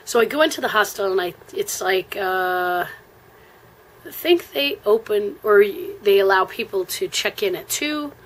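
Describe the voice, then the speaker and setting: A woman with an American accent telling a travel story in a casual, rambling way, with lots of fillers and frequent throat clearing. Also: mid-range voice, lively intonation, measured pace, low-quality recording.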